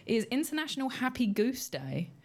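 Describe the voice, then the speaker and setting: A woman's voice: a little high, very animated, brisk. A young British woman hosting a radio show, chatty and casual, with plenty of ums and light laughs. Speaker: radio host.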